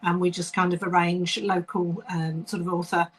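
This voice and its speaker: A woman's voice: on the low side, flat delivery, normal speed, husky, rough recording. A woman from Staffordshire with a West Midlands accent, answering interview questions over a video call in a friendly way with many ums. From Staffordshire, England. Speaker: author and guest.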